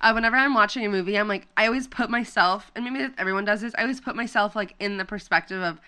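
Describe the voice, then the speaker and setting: A young woman co-hosting a laid-back chat show, her voice bright and smooth. She tells stories in a loose, chatty way, full of "like" and quick asides. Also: mid-range voice. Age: young adult. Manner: chatty storyteller, heavy use of "like". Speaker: podcast co-host. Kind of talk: casual chat.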